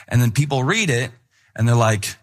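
A middle-aged man preaching a sermon in an animated, conversational way, with playful impressions of people. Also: medium pitch, normal speed. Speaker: pastor.

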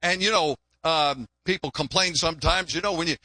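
A man's voice: on the high side, fairly quick, bright, forceful tone, no echo. An older pastor preaching a sermon in a folksy, joke-telling way, often repeating his words. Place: church.

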